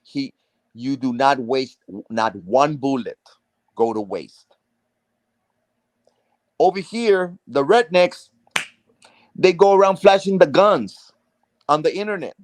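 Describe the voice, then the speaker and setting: A man from South Texas rants on a live stream in a slow, deliberate drawl, stacking curses and repeating phrases for emphasis. His voice sits a bit high, and the sound is dry and close. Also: lively intonation, no room sound. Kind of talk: heated casual rant.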